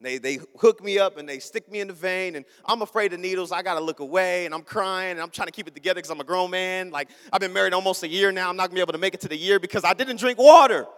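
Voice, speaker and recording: A man's voice: high voice, rapid-fire, hardly any pauses, clean tone, long reverb tail. A young man preaching a sermon, telling a funny story and acting out the people in it. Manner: animated, acts out the people in his story. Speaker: pastor.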